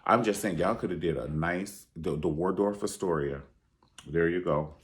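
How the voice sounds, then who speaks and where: A man giving a sassy, profane reality TV review, acting out quotes in high voices. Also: moderate pace. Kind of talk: animated casual commentary.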